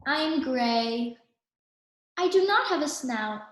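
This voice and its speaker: A woman voicing a gentle, worried male elephant who speaks in a sad, earnest way. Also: sits high, animated, slow, echoey room.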